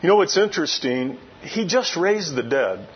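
A man's voice: a little high, very animated, normal speed, highs cut off, slight background noise. A man preaching a sermon, retelling a story in a loose, conversational way with frequent asides. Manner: conversational storytelling with many "you know" asides. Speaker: pastor.

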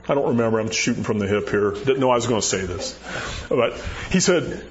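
A man's voice: mid-range voice, fairly quick, dull audio, a little hiss or hum. Man preaching a conversational sermon. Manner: conversational, animated, acts out Bible dialogue.

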